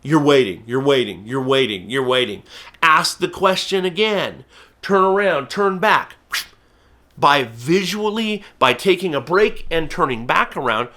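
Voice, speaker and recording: A man explains falcon training with eager, emphatic energy. His voice is bright and a touch high, and he leans hard on the key words. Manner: energetic, emphatic, acts out bird and viewer voices. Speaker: falconry instructor. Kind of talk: instructional talk to camera.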